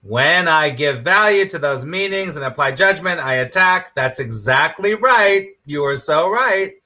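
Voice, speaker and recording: A man's voice: on the high side, expressive, a little slow, pushed and bright. A middle-aged man, a spiritual teacher, teaching on a live stream with enthusiasm, repeating his points and quizzing viewers by name.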